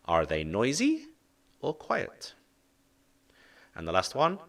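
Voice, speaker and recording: A man teaching an online English lesson, modeling questions slowly and deliberately. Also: deep voice, huge pitch swings, fairly bright tone, far from the mic. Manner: slow, deliberate modeling of intonation.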